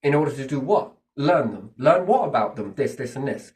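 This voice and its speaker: A man's voice: medium pitch, brisk. A man talking in a casual, rambling monologue, swearing freely and asking himself questions, then answering them. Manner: animated, profane, speculative, asks himself questions and answers them. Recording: distant from the mic.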